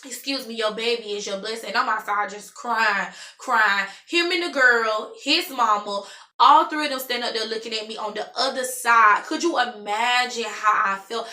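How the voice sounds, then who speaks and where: Woman, 30s, personal storytime, emphatic, bright voice, roomy echo. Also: a little high, moderate pace. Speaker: vlogger.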